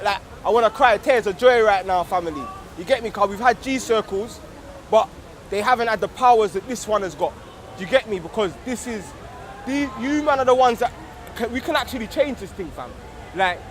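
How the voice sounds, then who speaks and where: Young man, high voice, slangy street talk. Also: a little hiss or hum. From England. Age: young adult. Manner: slangy, repeats "you get me", grows fervent and loud. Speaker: organiser of a street discussion circle. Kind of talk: casual outdoor address. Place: street outdoors.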